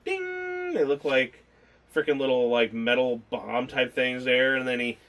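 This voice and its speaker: A man's voice: medium pitch, flat delivery, moderate pace, a bit bright. A man co-hosting a casual movie review chat, rambling, swearing freely and laughing as he talks.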